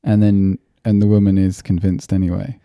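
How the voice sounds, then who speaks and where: Very dark-voiced man on a podcast. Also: low-pitched, flat delivery, moderate pace, dry recording, clean studio sound. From London. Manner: chatty, acts out quoted lines, laughs often. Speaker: podcast co-host. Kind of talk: casual film discussion.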